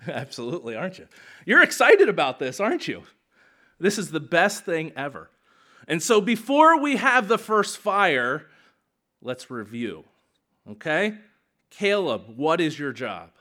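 A man in his thirties, a pastor preaching a sermon in an animated, conversational way. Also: fairly high pitch, measured pace.

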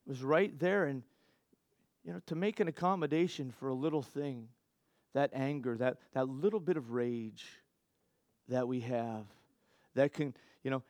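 A man delivers a sermon in a slightly higher voice, talking to the congregation as if in conversation. He breaks off, restarts and throws in asides. The sound is dry and close, with no room around it. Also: no echo. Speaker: pastor.

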